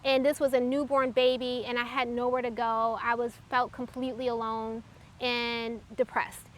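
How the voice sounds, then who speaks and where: A woman telling a personal faith testimony in an earnest, reflective way, pausing often as she recalls events. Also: a little high, flat delivery, fairly bright tone, slight background noise. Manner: earnest, halting, reflective storytelling. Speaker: testimony speaker.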